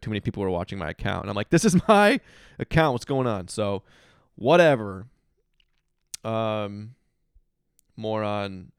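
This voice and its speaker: A man's voice: lowish voice, clear, resonant tone, no echo, studio quality. Tipsy, chatty man rambling alone. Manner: rambling, chatty, with frequent restarts and emphatic outbursts. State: drowsy and a little tipsy, yawning. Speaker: podcast host. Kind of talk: casual solo podcast monologue. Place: hotel room.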